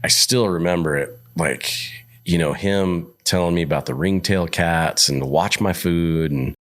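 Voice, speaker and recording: Podcast guest, man, 50s, from Montana: deep voice, rambling travel anecdotes, casual. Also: normal speed. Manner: rambling, animated when quoting others. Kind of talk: casual storytelling.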